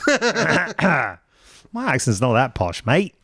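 A man's voice: on the high side, wildly swooping pitch, very slow, a bit bright, no echo. Joking podcast host man, dry studio sound. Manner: jokey, self-mocking, laughs often. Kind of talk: casual chat. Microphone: studio mic.

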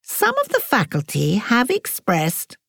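A woman voicing a stooped, withered old male professor with a high, rasping voice and a sour, disapproving manner. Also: wildly swooping pitch, measured pace, a bit bright, no echo, studio quality, full character voice. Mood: frosty. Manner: stiff, disapproving.

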